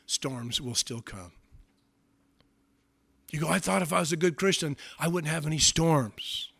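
Male pastor, crisp bright tone, lively sermon with acted-out voices. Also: fairly high pitch, measured pace. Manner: animated preaching, acts out voices, swings from hushed to loud.

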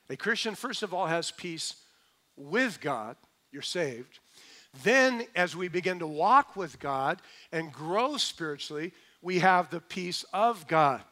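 In this sermon, a middle-aged pastor alternates between driving home points with emphasis and dropping his voice to a soft, low register.

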